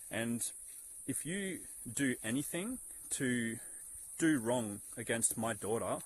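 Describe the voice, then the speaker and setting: A man's voice: lowish voice, slight background noise, poor audio. Heated, preachy man ranting to camera. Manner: heated, preachy, swearing, repeats himself. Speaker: social media commentator. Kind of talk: impassioned monologue to camera.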